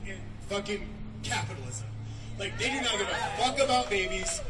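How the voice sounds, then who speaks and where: A man giving an angry, profane protest speech outdoors, shouting and laughing as he rants. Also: high-pitched. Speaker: protest rally speaker, labor organizer. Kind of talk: impassioned rally speech. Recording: distant mic, loud crowd noise. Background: loud crowd and street noise.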